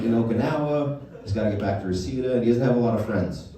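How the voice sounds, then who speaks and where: A man performing a profane, animated stand-up comedy set on a club stage. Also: mid-range voice, quick pace, very echoey, far from the mic, very noisy. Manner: profane, animated storytelling to a live crowd.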